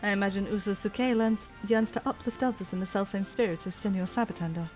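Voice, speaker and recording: A woman's voice: mid-range voice, fast talker, darkish tone, lightly acted. A woman reading aloud as a formal, courteous male attendant with old-fashioned phrasing, over faint music. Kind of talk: reading game dialogue aloud.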